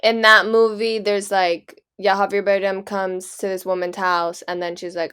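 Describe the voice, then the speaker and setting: A woman co-hosts a casual chat podcast, explaining her points thoughtfully with many "like" fillers. Her voice is smooth and clear. It sits at an average pitch. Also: level tone, moderate pace, fairly bright tone. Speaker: podcast co-host.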